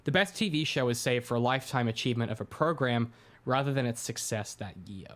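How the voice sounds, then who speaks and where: Guy reading his own book out loud, steady mid-pitch voice, keeps stopping to chat with his co-host, lots of uhs. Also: fast. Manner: reads steadily, drops into chatty asides with filler "uh"s. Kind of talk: casual read-through with asides.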